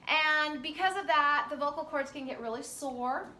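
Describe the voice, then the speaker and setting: Bright-voiced woman lecturing in an echoey room. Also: high-pitched, moderate pace. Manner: chatty, loose, many fillers. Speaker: physiology teacher. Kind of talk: classroom lecture. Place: classroom. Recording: echoey classroom from far off, faint noise.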